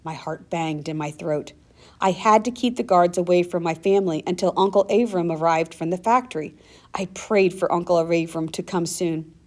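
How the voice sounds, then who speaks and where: A woman narrating a first-person story in a measured, earnest audiobook reading. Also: on the low side.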